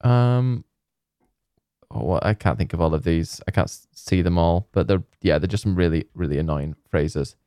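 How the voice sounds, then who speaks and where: A man with a lowish, mellow voice chatting casually as co-host. He rambles, trails off and fills gaps with "uh" and "like." The sound is close and dry. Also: normal speed, clean tone, no room sound. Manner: rambling, laughs often, many fillers. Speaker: podcast co-host. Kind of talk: casual chat.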